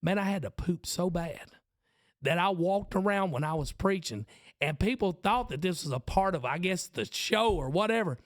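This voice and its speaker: A man's voice: high voice, animated, normal speed, no room sound, clean studio sound. A man in his forties with a Southern accent, a podcast host and preacher telling a self-mocking story in casual chat. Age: 40s.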